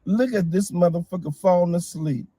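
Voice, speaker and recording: A man in a comedy skit, a frantic passenger who rants and yells, swearing constantly. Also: high voice, normal speed, no echo, poor audio. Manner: frantic, profane, yelling.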